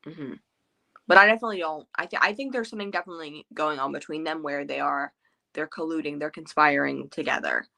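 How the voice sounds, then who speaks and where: Book club host, woman, bright lowish voice, casual rambling chat with fillers. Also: fast talker, gravelly. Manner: chatty, many filler words and restarts.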